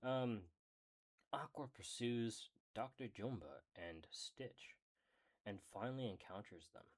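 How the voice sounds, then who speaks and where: A man's voice: on the low side, animated. A man casually reading a character book aloud, often stumbling over words, correcting himself and apologizing. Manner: slow, halting reading. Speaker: hobby reader of a character book. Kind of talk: casual read-aloud with asides.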